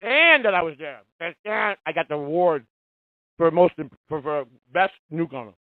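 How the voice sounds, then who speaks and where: A man's voice: fairly high pitch, lively intonation, normal speed, dry recording. A man in his fifties hosting a live call-in radio show, ranting in a profane, heated, confrontational way. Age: 50s. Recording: tinny phone-like, dry sound.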